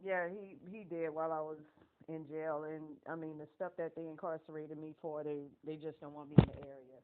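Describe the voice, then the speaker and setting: A woman in her late thirties on a phone call, talking hesitantly and softly, stammering over her words. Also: low voice, little pitch movement, brisk, noisy background. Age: late 30s. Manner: hesitant, stammering, soft-spoken. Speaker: channel owner on a phone call. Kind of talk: phone conversation. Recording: tinny phone line.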